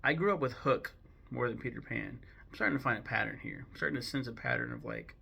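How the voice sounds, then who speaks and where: A young man from the United States talks through his film rankings in a loose, profane ramble. His middle-pitched voice has a gravelly fry running through it, and he keeps flaring into mock outrage before drifting back to a low, offhand mutter. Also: expressive, fast talker, pushed and bright. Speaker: host ranking films. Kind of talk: casual opinion talk.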